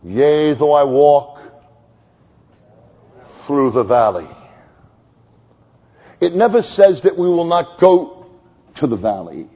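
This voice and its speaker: A man preaching an evangelistic sermon, telling stories with sudden swings from loud high exclamations to hushed slow tones. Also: sing-song. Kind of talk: sermon with storytelling. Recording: long hall reverb, dull lo-fi sound.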